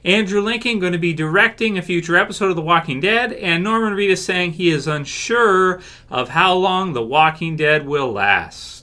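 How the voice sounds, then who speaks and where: Bright-voiced Canadian guy rambling about TV. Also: high voice, lively intonation, normal speed. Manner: rambling, many "uh" and "you know", laughs often. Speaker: YouTube TV-show commentator. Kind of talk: casual fan commentary.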